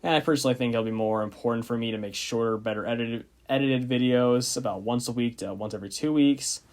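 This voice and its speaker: Young man narrating a racing recap. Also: fairly low pitch. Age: young adult. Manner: casual, with frequent "uh" fillers. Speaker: YouTube racing channel host. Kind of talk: scripted narration.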